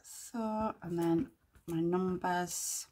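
Female craft host, low-pitched and husky, slow and chatty, mutters to herself while working. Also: fairly even intonation, mellow. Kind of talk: casual crafting tutorial chat.

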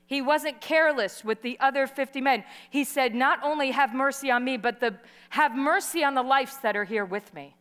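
A middle-aged woman preaching a sermon, telling a story with lively acted-out quotes and calling for responses from the audience. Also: high voice, moderate pace, clean tone. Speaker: guest preacher. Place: large hall. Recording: live sermon in a reverberant hall.

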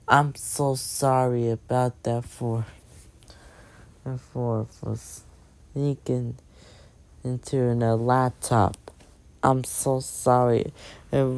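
A woman voicing a young girl in a fan-made cartoon who apologizes to her family in halting, repetitive phrases full of fillers. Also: very deep voice, darkish tone, no echo, exaggerated voice.

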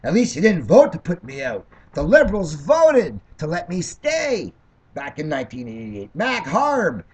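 Older Canadian man, raised pitch, swinging intonation, combative rant, reading his own account. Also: measured pace, slightly rough. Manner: combative, ranting, lively delivery. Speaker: political candidate. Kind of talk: reading his own transcript aloud, rambling commentary.

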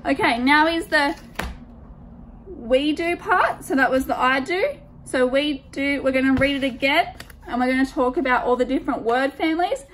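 A woman student teacher reading a picture book aloud to children, expressive and stopping to ask them questions. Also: high voice, normal speed, a little hiss or hum.

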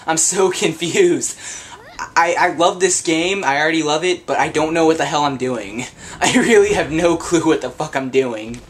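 A man's voice: on the high side, normal speed, slight background noise. A young man giving casual let's play commentary, confused, swearing a lot, laughing and yelping whenever he gets hit. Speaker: gameplay commentator.

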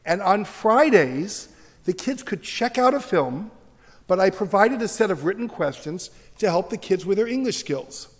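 High-voiced man in his sixties lecturing. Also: expressive, normal speed. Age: 60s. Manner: emphatic, joking storyteller. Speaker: teacher giving a lecture. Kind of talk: humorous, animated public lecture. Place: large university auditorium. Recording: reverberant auditorium lecture recording.

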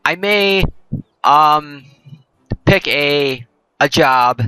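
A man's voice: fairly high pitch, very slow, pushed and bright, clean tone, dry recording, rough recording. A man hosting a let's play, giving rambling, jokey gameplay commentary and often correcting himself.

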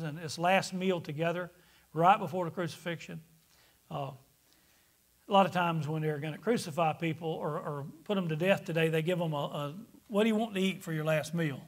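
A male pastor preaching a sermon, reading scripture aloud, putting questions to the congregation and chuckling now and then. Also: a little high. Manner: animated, reads scripture aloud.

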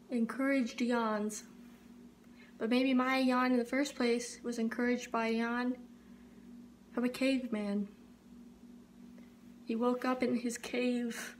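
High-voiced woman musing playfully. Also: slight background noise. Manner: playful, mock-profound, rambling. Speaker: vlogger. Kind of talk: comedic monologue to camera.

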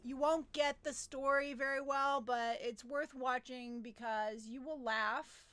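A middle-aged woman co-hosting a casual movie chat, chatty and quick to laugh in a fast back-and-forth. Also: sits high, steady tone, a bit bright, slight background noise. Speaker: podcast co-host.

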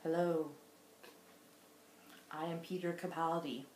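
A woman playfully impersonating a famous male TV actor, barely changing her own voice and staying deadpan. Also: sits low, slow pace, a little hiss or hum. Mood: mock-serious. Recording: roomy echo.

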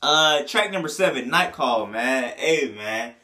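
A man's voice: medium pitch, expressive, unhurried, hardly any pauses, sharp tone. A man giving a casual, profane album review, full of slang and breaking into bits of the lyrics. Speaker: music reviewer.

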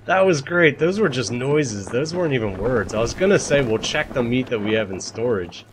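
Lively young man streaming a survival game. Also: medium pitch, moderate pace, background noise. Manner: animated, self-mocking, swears and laughs freely, talks to chat. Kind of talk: live-streamed gameplay commentary.

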